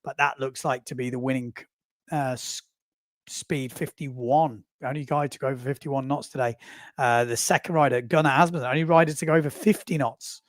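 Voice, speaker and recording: Running through results on his laid-back livestream, a host in his forties chats and wanders off with asides that amuse himself. He talks fairly quickly at medium pitch with fairly even intonation, and the studio-quality audio has no room sound.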